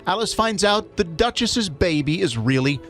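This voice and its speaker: A male radio host reads a storybook summary aloud in a measured, pausing storytelling style. His voice sits fairly high and moves a lot in pitch. A music bed plays clearly behind him in the studio. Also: lively intonation, fairly bright tone. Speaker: radio morning show host.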